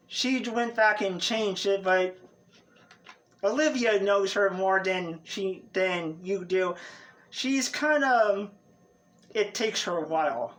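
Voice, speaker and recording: Slow rambly guy game-mastering a tabletop game, tons of ums and restarts. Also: sits high, a bit bright. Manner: rambling, halting, many fillers and restarts. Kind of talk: narrating a tabletop role-play.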